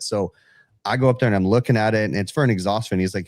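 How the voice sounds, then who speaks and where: A man's voice: fairly low pitch, very fast, no room sound, studio quality. A man telling a work story on a casual trade podcast, acting out both sides of the dialogue and calling people dude. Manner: animated storyteller, acts out customer dialogue, says dude. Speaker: podcast co-host, HVAC technician.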